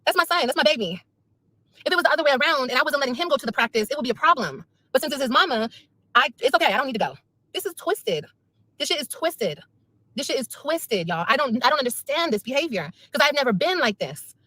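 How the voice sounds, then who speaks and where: Woman, high voice, rapid talk, venting and repetitive, bright tense tone, dry close sound. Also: very animated, no echo. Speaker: mother speaking on a livestream. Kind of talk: emotional livestream rant.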